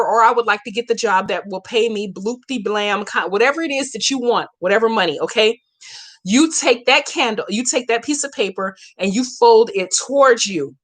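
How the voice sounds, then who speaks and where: In a mid-range, somewhat bright voice, a woman hosts a laid-back livestream where she answers questions as a hoodoo practitioner. Her chatter is brash and profane, and she explains a spell step by step with emphatic, slang-heavy directions.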